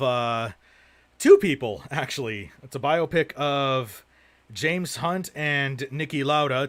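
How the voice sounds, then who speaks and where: A man's voice: medium pitch, a bit bright. A young man chatting casually on a livestream about his movie collection, rambling and swearing freely as he goes. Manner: profane, rambling, rants with heavy swearing. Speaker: streamer showing his film collection.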